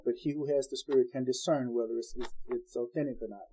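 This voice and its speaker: A man's voice: medium pitch, fairly even intonation, quick pace, mellow, slightly rough, soft background music, poor audio. A man preaching an informal Bible-study sermon in a folksy, conversational way, acting out the people he quotes.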